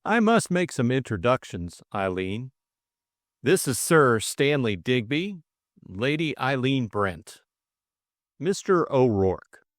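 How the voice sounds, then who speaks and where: A man's voice: mid-range voice, big pitch swings, slow pace, dry recording, studio quality, voice pushed up. A man voicing a stuffy, self-important middle-aged politician in an audiobook drama, speaking in a pompous, formal way. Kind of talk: audiobook character voice.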